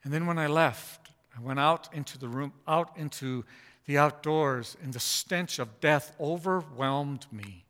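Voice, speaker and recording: Preacher man with a bright, ringing voice. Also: a little high, unhurried. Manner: dynamic, swings from hushed to loud. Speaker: pastor. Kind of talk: sermon. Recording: long hall reverb.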